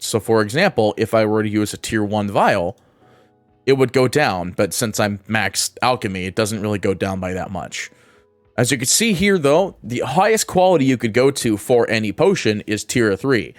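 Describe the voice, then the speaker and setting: A gaming guide creator with a lowish voice narrates a casual game tutorial, walking through the steps with occasional fillers and self-corrections. There is no room sound.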